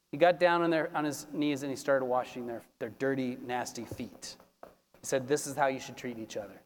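A man preaching a sermon in a high, light voice, with long reverb from a church hall. He tells stories in a chatty, everyday way and lowers his voice when he prays. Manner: conversational storytelling, drops to a soft low voice in prayer. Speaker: pastor.

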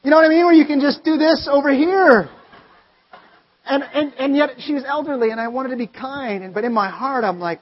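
A man preaching a sermon, telling stories with animated swings between loud exclaiming and quiet earnest talk. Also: extremely high pitch, fairly quick. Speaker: pastor. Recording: dull, lo-fi sound with long hall reverb.

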